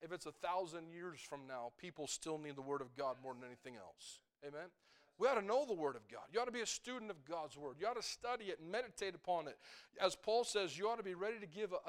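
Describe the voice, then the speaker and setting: A middle-aged man preaching in church, fervent and insistent, often calling out to the congregation for an amen. His voice sits a little higher than most men's. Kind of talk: sermon.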